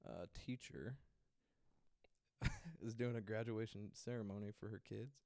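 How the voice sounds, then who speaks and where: A man's voice: fairly low pitch, fairly even intonation, a little slow, a little mellow, no room sound, clean studio sound. A young man co-hosting a podcast, chatting casually in a teasing, crude, playful manner. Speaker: podcast co-host. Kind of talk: casual chat.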